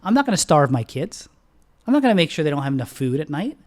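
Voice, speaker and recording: A middle-aged man, a bank founder, talking on a podcast in casual, animated storytelling style. He clears his throat often and jumps into sharp, high-pitched outbursts when acting out quotes. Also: fast.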